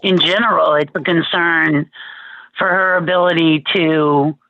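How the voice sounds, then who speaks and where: Woman witness, very slow deliberate answers, dull dry call audio. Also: sits low, fairly even intonation, sharp tone, no echo. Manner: slow, careful, brief answers. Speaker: witness, visit supervisor. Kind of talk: sworn testimony over video call. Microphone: video call.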